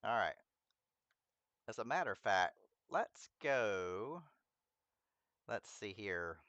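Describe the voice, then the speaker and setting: A man's voice: on the low side, big pitch swings, slow pace, a bit bright, dry recording, dull audio. A man streaming a mobile game, chatting casually with viewers, rambling, stumbling over their names and laughing at himself. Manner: chatty, talks straight to viewers in chat. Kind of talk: casual live-stream gameplay chat.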